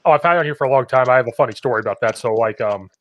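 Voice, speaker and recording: A young adult man hosting a casual coaching podcast, telling lively stories and acting out the voices of the people in them. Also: mid-range voice, rapid-fire, dry recording. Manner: animated storyteller, acts out quoted voices. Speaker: podcast host and football coach.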